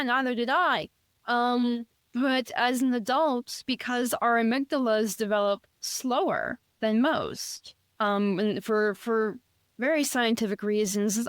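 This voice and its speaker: A woman's voice: a little high, clear, resonant tone, dry recording. A woman author, a guest on an interview show, talking eagerly in casual chat and rambling with frequent restarts.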